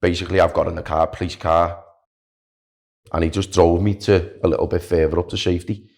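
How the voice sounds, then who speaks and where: Low-voiced man telling a story. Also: a little fast, creaky. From Wales. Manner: animated, chatty, filler-heavy with "like" and "do you know what I mean". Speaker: podcast guest, long-distance walker. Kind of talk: casual storytelling.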